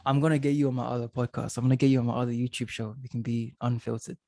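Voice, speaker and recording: Young man, podcast co-host, joking banter, mid-pitched voice, dry close recording. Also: level tone, racing, vocal fry, mellow, no echo. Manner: joking, playful, chatty. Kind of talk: casual chat.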